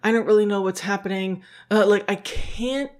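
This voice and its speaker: A woman hosting a podcast, telling a casual self-deprecating story, laughing often and acting out quoted reactions in a jumped-up voice. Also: normal speed. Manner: self-deprecating, laughs often, acts out her own thoughts; animated, jumps into high voice for quoted reactions. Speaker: podcast host.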